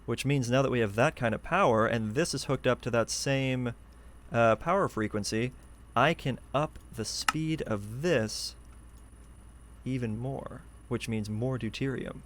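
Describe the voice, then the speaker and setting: A man of ordinary middle pitch streams a game live and narrates every step as he goes. He sounds chatty and eager. He speaks into a desk microphone in a room at home. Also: a little slow, fairly bright tone, slight background noise. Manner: chatty, eager, thinks aloud while building. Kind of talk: live gameplay commentary.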